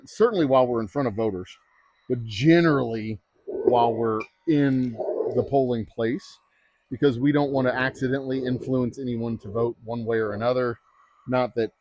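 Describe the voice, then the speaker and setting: A man's voice: medium pitch, a little mellow, highs cut off. A man chatting casually on a livestream, rambling and joking with many fillers. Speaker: distillery owner livestreaming.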